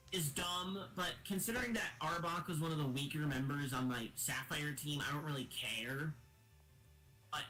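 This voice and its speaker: A man chatting casually while he plays a game on stream, rambling and joking with his friends. His voice is bright and forceful and sits a little high. The room sounds echoey, with faint game music behind him. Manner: rambling, jokey banter. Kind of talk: casual chat while gaming. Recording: roomy echo with game music.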